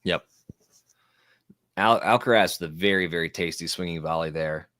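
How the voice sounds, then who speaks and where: A very low-pitched man chatting through a live tennis match, joking and riffing with his co-host. His voice sounds dry and close to the mic, with no room around it. He talks like a relaxed, playful commentator. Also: no room sound. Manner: playful, jokey, quick to riff. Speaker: watchalong co-host. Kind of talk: casual live commentary chat.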